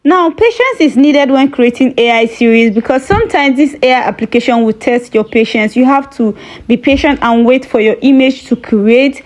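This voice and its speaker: Female tutorial host, slightly high voice, patient and instructive. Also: a little mellow. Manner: patient, instructive, repeats herself. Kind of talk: step-by-step tutorial.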